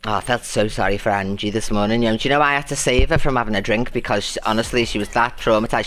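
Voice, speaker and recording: A woman's voice: a bass voice, fairly bright tone. Chatty woman streamer calling viewers "loves". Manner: chatty, greets viewers and calls them loves and babes; defiant when talking about her abuser. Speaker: TikTok live streamer. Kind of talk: casual live-stream chat.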